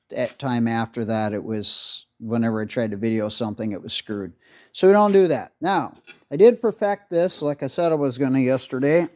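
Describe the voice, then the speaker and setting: Working on a tractor in his workshop, this man chats through the repair in a rambling, blunt way, cursing when things annoy him. His voice is medium-pitched and a little mellow, and he makes restoration videos.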